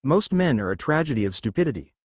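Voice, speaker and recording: A man's voice: mid-range voice, sing-song, fast talker, breathy edge, no room sound, studio quality. A man reading the lines of a scornful middle-aged witch woman with a slight Southern US accent, in a storybook reading. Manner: scornful, commanding.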